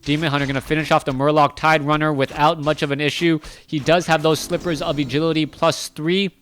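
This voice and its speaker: A man casts a strategy match on his own, talking through every move in a chatty, self-correcting way. His voice sits fairly high for a man. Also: brisk. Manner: chatty, self-correcting, rising excitement in big moments. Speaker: esports caster. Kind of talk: solo play-by-play game commentary.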